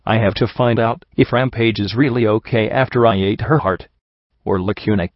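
A man reading the lines of a guilt-ridden, defensive young pony mare from a storybook in a low voice. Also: fairly even intonation, normal speed, no echo, lightly acted. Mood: anguished. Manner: anguished, self-doubting outbursts. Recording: dull lo-fi audio.

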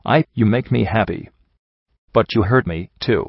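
A man doing a sobbing, scolding young pony mare, low-voiced, close and dry. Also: a little slow, creaky, breathy edge, no room sound, muffled recording, exaggerated voice. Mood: hurt, pleading. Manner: emotional, pleading, sobbing delivery. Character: tearful young female pegasus pony, hurt and scolding.

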